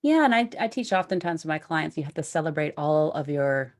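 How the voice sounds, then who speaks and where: A woman hosting a casual podcast conversation, animated and self-deprecating, laughing easily. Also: low-pitched, brisk. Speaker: podcast host.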